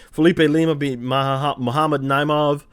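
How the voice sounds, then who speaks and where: A man's voice: fairly high pitch, steady tone, unhurried, clean tone, dry recording. A Cajun man from Louisiana recapping fights casually as host, rambling with frequent restarts and fillers. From Louisiana, USA. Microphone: desk camera mic.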